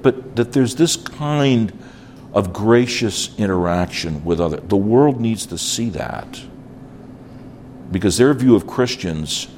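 An older man from New York preaching at a conference, animated, acting out little dialogues and dropping in asides. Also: fairly low pitch, slight background noise. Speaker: conference speaker. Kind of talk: conference sermon.

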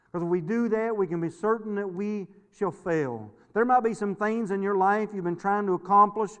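A man's voice: high voice, normal speed, clean tone. A middle-aged male pastor preaching a sermon in a folksy, storytelling way, repeating words and laughing often. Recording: long hall reverb.

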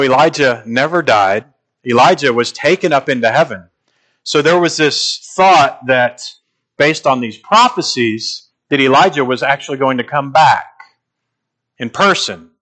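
Bright, forceful male preacher. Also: mid-range voice. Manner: emphatic, slows down to stress key phrases. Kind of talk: expository sermon.

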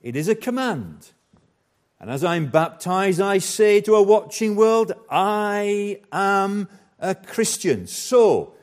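A man preaching a sermon as pastor, slow and emphatic, with dramatic pauses and repetition. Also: high-pitched, darkish tone.

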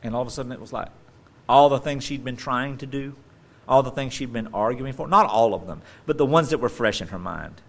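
A male preacher giving a sermon, animated and emphatic, with playful joking asides. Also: mid-range voice, fairly quick, gravelly.

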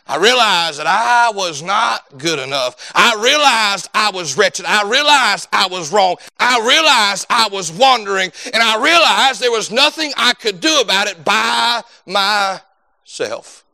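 A man preaching a sermon as pastor, swinging from loud emphatic lines to low hushed ones in a preaching cadence.

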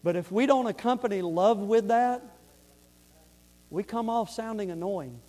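A man's voice: sits high, expressive, a little slow, dark tone, a little hiss or hum. A man preaching a fervent sermon, repeating words and asking the congregation if they follow.

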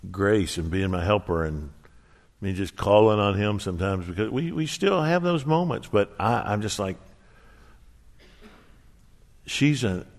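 A middle-aged man preaching a sermon, telling a personal story with earnest warmth and acting out quoted dialogue. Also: deep voice. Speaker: pastor. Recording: reverberant hall.

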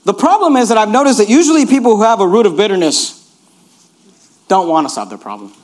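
Animated high-voiced male pastor preaching. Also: fast talker. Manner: animated and repetitive, keeps urging "notice". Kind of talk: sermon.

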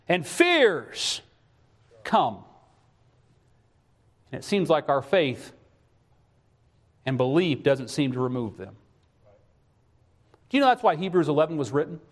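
A man's voice: high-pitched, a bit bright. A middle-aged man preaching a sermon, pleading and emphatic, his voice rising in fervent bursts. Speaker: pastor. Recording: long reverb of a hall.

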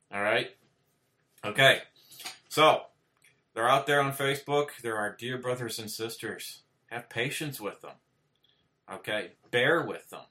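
An earnest preacher speaks to camera indoors in an informal sermon, his mid-range voice pushed and bright. Plainspoken, he keeps checking in with "okay?", restarts phrases, and peaks in emphatic repetitions.

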